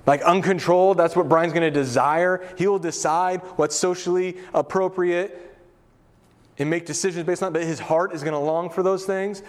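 A man's voice: high voice, fairly even intonation, normal speed. A middle-aged male pastor preaching a casual, conversational sermon, full of asides, fillers and family stories.

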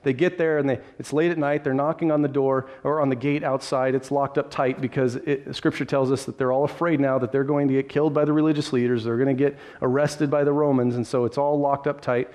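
A pastor telling a Bible story in a sermon, vivid and lively, with conversational asides. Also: male voice, mid-range voice, a little fast, few pauses.

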